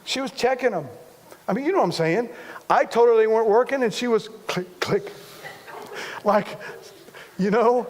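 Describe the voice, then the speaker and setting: A man's voice: extremely high pitch, moderate pace, pauses often, long reverb tail. A man preaching a sermon as a pastor, talking conversationally, repeating himself and poking fun at himself. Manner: conversational, repetitive, self-deprecating humor.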